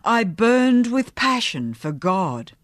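A woman's voice: a little high, sing-song, slow, dry recording, studio quality, voice pushed up. A woman voicing a stern, zealous middle-aged male preacher who speaks in a fervent, sermonizing way. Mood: preaching.

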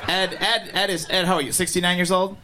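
A fairly high-voiced man hosts a comedy night and works the room with teasing, energetic banter. Heavy crowd noise and loud background din fill the recording. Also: fairly quick. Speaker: comedy show host. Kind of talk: hyping up a live crowd. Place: comedy club stage. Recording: loud noisy club with crowd.

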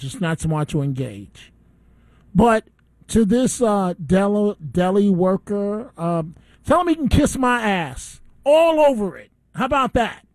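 A man's voice: sits high, no echo. A man hosting a call-in radio talk show, ranting indignantly between calls. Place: radio studio.

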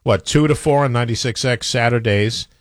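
A middle-aged man hosting a radio show, chatting casually and rambling through quick asides. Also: mid-range voice, no room sound, clean studio sound.

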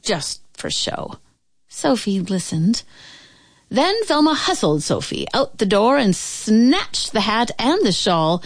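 Slow expressive woman storyteller. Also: medium pitch, dry recording. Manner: expressive, slow and sing-song. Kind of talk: reading a picture book aloud.

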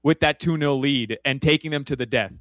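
A man's voice: mid-range voice, brisk, fairly bright tone, no room sound. A man giving casual soccer betting picks, rambling with many fillers and restarts. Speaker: soccer analyst guest. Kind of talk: casual sports betting chat.

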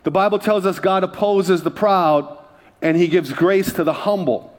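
A man's voice: high voice, normal speed. A middle-aged man from Hawaii preaching a sermon as pastor, telling funny stories and switching into voices for the people he quotes.

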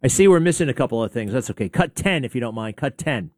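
A man's voice: mid-range voice, animated, fast, darkish tone, no echo, studio quality. A man hosting a talk show, rambling through a sarcastic opinionated monologue with many asides and restarts. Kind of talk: opinionated monologue playing clips.

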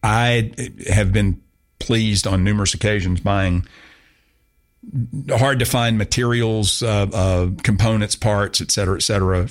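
Guy hosting talk radio, lowish voice, rambly and joking at his own expense. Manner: chatty, rambling, self-mocking, frequent restarts. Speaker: radio show host. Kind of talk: casual talk radio chat.

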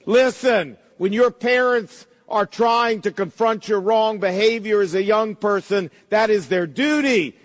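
A middle-aged man preaching a sermon, emphatic, slowing down to quote verses. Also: high voice, in a large hall. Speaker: pastor.

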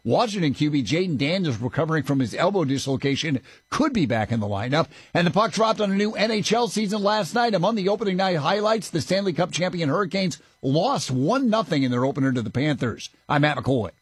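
A male newscaster reads sports headlines in a matter-of-fact way. His voice is a bit husky and sits slightly high. The sound is dry and close. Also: animated, fairly quick, no echo. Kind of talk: radio news read.

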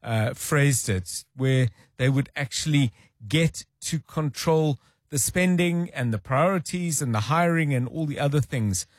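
Higher-pitched male radio host, dry sound. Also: measured pace, no echo. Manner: thoughtful, musing, with restarts. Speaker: radio talk show host. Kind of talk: live radio talk and links.

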